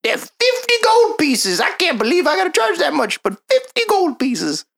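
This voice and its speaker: A tiny old gnome shopkeeper, voiced by a woman, pitched well above her own voice in a folksy drawl. His pitch swoops and bounces all over. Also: huge pitch swings, moderate pace, vocal fry, fairly bright tone, exaggerated voice. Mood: salesy.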